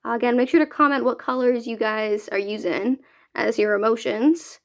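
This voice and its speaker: Young woman mentor chatting to kids, bit of vocal fry, keeps saying right?. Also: fairly high pitch, steady tone, normal speed. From Canada. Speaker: youth mentor. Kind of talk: casual talk to children.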